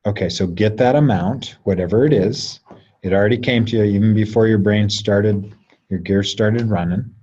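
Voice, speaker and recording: A man leading an online class through a guided energy exercise, talking slowly and coaxingly with long pauses. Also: fairly low pitch, dark tone, slightly rough. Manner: slow, soothing, coaxing delivery with drawn-out pauses. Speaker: class leader. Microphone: video call. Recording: lo-fi video call audio.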